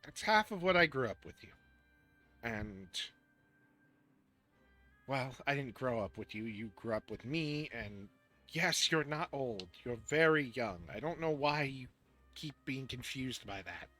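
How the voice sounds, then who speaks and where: Man playing an exasperated female dragon, frazzled guardian, stammering, slow, bright tone. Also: mid-range voice, animated, faint music behind.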